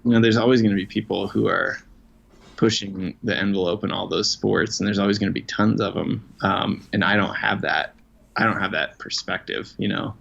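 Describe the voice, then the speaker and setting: A man's voice: on the low side, fairly even intonation, a little fast, creaky, fairly bright tone. A man being interviewed as a guest, talking in a casual, self-deprecating, rambling way with lots of fillers. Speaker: guest, outdoor writer. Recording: dull lo-fi sound.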